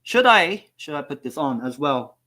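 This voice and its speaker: A man hosts a live football watchalong, talking loosely to his viewers. His fairly high voice rambles between restarts, swearing often and poking fun at himself. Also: big pitch swings, normal speed, sharp tone. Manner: rambling, profane, self-mocking. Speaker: football live-stream host. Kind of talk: casual live watchalong chat.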